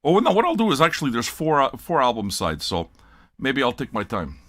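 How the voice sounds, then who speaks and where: A man's voice: medium pitch, huge pitch swings, brisk, fairly bright tone, no room sound. An older man hosting a record-listening show, talking in a blunt, profane, rambling livestream rant.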